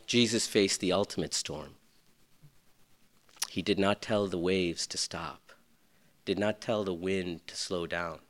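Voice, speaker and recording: A man preaching a sermon, swinging between loud, urgent passages and hushed, near-whispered ones. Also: deep voice, slow, long pauses. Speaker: pastor.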